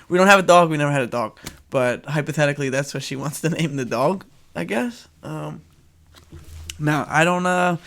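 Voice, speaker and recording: Young man, nasal, slightly high voice, casual podcast host, rambling, jokey. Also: a bit bright, clear, resonant tone. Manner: rambling, joking, laughs often. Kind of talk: casual solo podcast chat.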